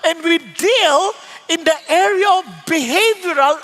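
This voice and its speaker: A woman's voice: extremely high pitch, unhurried, a bit bright, in a large hall, pitched above the performer's own voice. A woman with a Filipino accent quoting an enthusiastic male pastor in a story, stretching out words for emphasis. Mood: emphatic.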